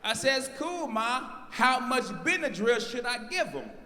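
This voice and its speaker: A man from North Carolina doing a stand-up comedy set, telling stories loudly and teasing the crowd. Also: very high-pitched, unhurried, noisy background. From North Carolina, USA. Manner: loud, animated storytelling, talking to the crowd. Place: stage of a live comedy show. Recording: echoey venue with long reverb.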